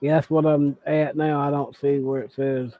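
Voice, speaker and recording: A man co-hosting a casual livestream, talking hesitantly and halting often, reading out viewer comments. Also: fairly high pitch, level tone, dry recording. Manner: hesitant, halting speech with many fillers. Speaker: co-host reading chat. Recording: tinny dry phone-like line.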